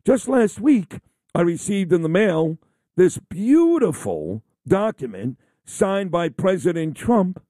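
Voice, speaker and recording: Middle-aged male radio host, boastful rambler, animated pitch, dry close sound. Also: no room sound. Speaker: radio talk show host. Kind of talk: casual on-air chat.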